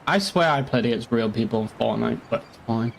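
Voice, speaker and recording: A man's voice: mid-range voice, fairly quick, vocal fry, a little hiss or hum. Rambling sweary man from northeast England. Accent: northeast English. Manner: rambling, sweary, answering chat. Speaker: game streamer. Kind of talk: casual live stream chat.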